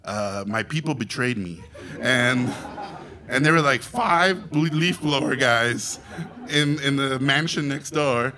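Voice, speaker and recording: A Mexican man, an animation director from Mexico, telling a story to an audience in an animated, theatrical way, with loud acted quotes. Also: medium pitch, slow pace, a crowd in the background. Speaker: animation director and festival guest speaker.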